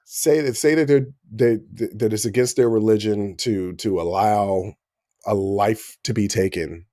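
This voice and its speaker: A man in his forties from the United States co-hosting a podcast, talking in an animated, joking way and jumping between points. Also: on the low side, unhurried, no room sound, clean studio sound. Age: 40s. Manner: animated, jokey, talks over his co-host. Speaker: podcast co-host. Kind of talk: casual chat.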